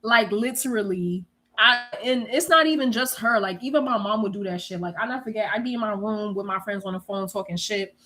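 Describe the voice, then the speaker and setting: A young woman telling stories in a casual, animated way, swearing freely and laughing often. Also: medium pitch, fairly quick. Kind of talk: casual storytelling chat.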